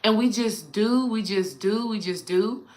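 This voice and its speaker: A woman's voice: mid-range voice, unhurried, darkish tone. A woman spiritual coach talking casually and animatedly to her viewers, addressing them directly.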